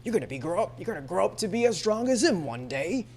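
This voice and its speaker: A woman's voice: mid-range voice, big pitch swings, quick pace, darkish tone, slight background noise, voice pushed up. A woman voicing a jovial older male mentor, speaking roundly from the back of the throat.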